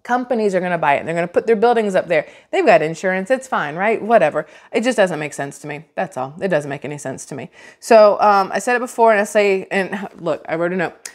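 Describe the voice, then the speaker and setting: A woman's voice: on the low side, lively intonation, quick pace. A woman, giving casual vlog commentary in a chatty, sarcastic, rambling way full of restarts. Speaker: vlogger.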